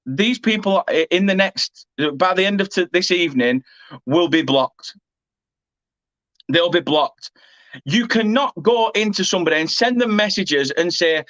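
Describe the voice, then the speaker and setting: A man's voice: high-pitched, lively intonation, normal speed, a bit bright, no room sound, highs cut off. A man with an English accent who hosts a football fan channel, ranting angrily and swearing while repeatedly apologising. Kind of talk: angry rant to camera.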